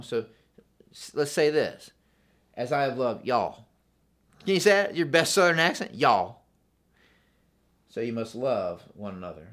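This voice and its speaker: A man preaching a sermon in a church, earnest and repetitive, often asking the congregation questions. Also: mid-range voice. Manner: earnest, asks the congregation questions, repeats phrases. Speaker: pastor.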